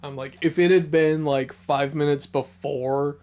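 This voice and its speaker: A laid-back man co-hosting a comics podcast, talking at an unhurried, slow pace. His voice sits a bit high for a man. He mostly chimes in with short agreeing replies and laughs along with his co-host. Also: fairly even intonation, a little mellow. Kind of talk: casual chat about comics.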